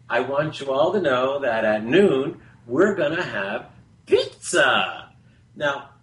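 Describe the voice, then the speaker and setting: A male radio host telling a story at an unhurried pace, circling back and correcting himself as he goes. His voice sits in a roomy, echoey space with a faint hum behind it. The delivery is easygoing and conversational. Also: mid-range voice. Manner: rambling, with restarts and self-corrections. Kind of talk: casual storytelling monologue.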